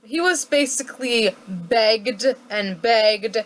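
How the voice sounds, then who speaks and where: A woman's voice: a little high, takes it slowly, fairly bright tone. A woman retelling history as a casual comic vlog, joking and playfully acting out what people said, recorded on a home webcam mic. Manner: playful, jokey, acts out quotes in silly voices. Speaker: history vlogger.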